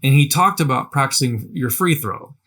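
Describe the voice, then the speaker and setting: A man's voice: medium pitch, animated, normal speed, a bit bright. A man giving a casual spoken lesson on practicing tones, talking conversationally, repeating himself and checking in with "right?". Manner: conversational, repeats words, frequent "right?" tags. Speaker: language teacher. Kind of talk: casual instructional talk.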